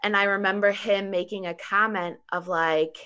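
Woman chatting about her life, lots of "like", laughs a bunch, bright crisp tone. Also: medium pitch, normal speed, muffled recording. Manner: animated, laughs often, heavy use of 'like'. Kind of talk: personal storytelling in casual conversation.

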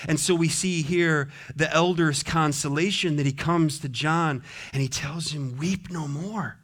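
A man preaching a sermon as pastor, moving between soft, gentle consoling passages and emphatic, repeated declarations. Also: on the high side, unhurried.

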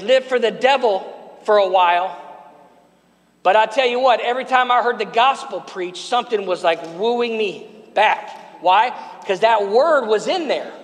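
Preaching in a church sanctuary, this pastor has a high, fairly bright voice. He keeps up a call-and-response with the congregation, urging them to reply, and the sound carries a long hall reverb.

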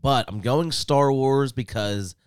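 A man's voice: mid-range voice, slow pace, clean tone, no echo, studio quality. A man co-hosting a podcast who keeps the casual banter moving in an easygoing way. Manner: easygoing, moderating the picks. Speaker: podcast co-host.

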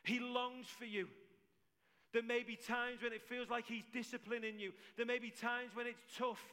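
A man's voice: very high-pitched, little pitch movement, normal speed, bright, forceful tone. A man preaching a sermon to his church, emphatic and repeating his key phrases for weight. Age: adult with several children.

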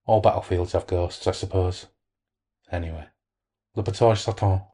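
Elderly villager, deep and grave, measured storyteller, read by a man. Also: steady tone, warm tone. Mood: solemn. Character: elderly male French villager, solemn storyteller.

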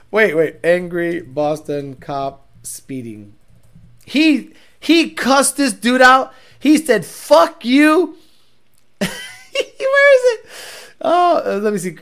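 A man's voice: high-pitched, a bit bright. A man hosting a casual reaction video, rambling and joking in a crude, profane way. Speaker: host.

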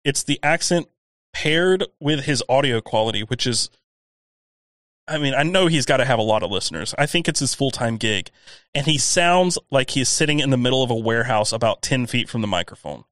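A man's voice: mid-range voice, animated, fairly quick, a bit bright, no echo. A man with a faint Southern US accent, ranting animatedly in a casual podcast chat and swearing freely. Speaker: podcast co-host.

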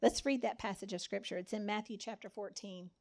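A woman's voice: medium pitch, fairly even intonation, fairly quick, darkish tone. A woman giving a conversational sermon, acting out the lines of the people in the story. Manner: conversational, dramatizes quotes with voices. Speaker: speaker.

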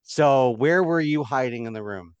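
A man narrating as game master, halting and full of fillers. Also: medium pitch, expressive, clear, resonant tone, no echo, dull audio.

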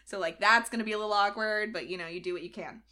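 A young adult woman co-hosting a podcast, retelling history in a casual, animated way and acting out the quotes. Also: medium pitch, quick pace. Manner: animated retelling with acted-out quotes and frequent laughs. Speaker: podcast co-host. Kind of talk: casual storytelling chat.

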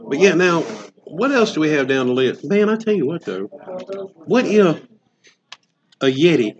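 A man's voice: a little high, big pitch swings, normal speed. A man hosting a podcast, joking and rambling in casual chat. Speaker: podcast host. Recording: dull lo-fi sound.

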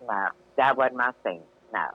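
A man's voice: mid-range voice, moderate pace, phone-quality sound, a crowd in the background. An older man, telling stories as a podcast guest in a laid-back, rambling way. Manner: laid-back, rambling, hedges with "you know". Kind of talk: casual storytelling chat.

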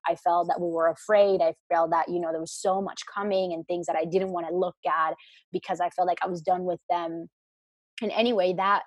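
A woman's voice: lowish voice, fairly even intonation, fairly quick, slightly rough, no room sound. A woman talking about spiritual work in casual chat, rambling with many restarts and fillers. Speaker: spiritual guest.

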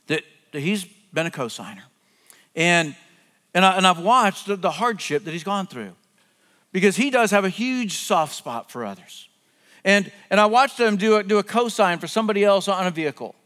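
A middle-aged man preaching a sermon earnestly, often dropping to hushed, drawn-out words for emphasis. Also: sits high, lively intonation. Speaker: pastor. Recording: long hall reverb, faint music behind.

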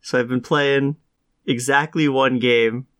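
A man's voice: medium pitch, fairly even intonation, slow, a bit bright. A man co-hosting a casual podcast chat, sick with a cough, telling stories in a dry, wry way. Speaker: podcast co-host.

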